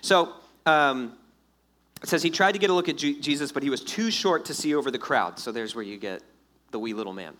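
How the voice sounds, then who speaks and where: A man preaching a sermon in a lively, conversational way, acting out the quotes. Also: medium pitch, a little fast, slight background noise. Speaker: pastor.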